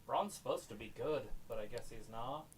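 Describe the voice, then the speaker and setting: A man co-hosting a live watch-along stream, making low-key, dry wisecracks in casual chat. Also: moderate pace, breathy edge. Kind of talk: casual chat commenting on wrestling.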